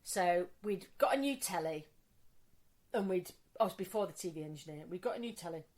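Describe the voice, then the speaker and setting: A woman, co-hosting a casual podcast chat and telling sweary, animated stories. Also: lowish voice, a little fast. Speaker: podcast co-host.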